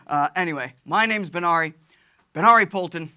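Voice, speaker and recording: An American man doing stand-up storytelling, animated and excitable as he jumps between voices. His tone is bright and forceful, and his telling bounces with energy. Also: fairly high pitch, brisk, smooth. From United States. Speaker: stand-up comedian, Army veteran.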